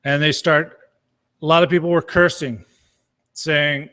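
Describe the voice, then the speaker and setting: A man's voice: fairly high pitch, steady tone, measured pace, pushed and bright. A middle-aged man giving a blunt, casual Q&A talk as a marketing coach, swearing freely. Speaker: marketing coach answering questions.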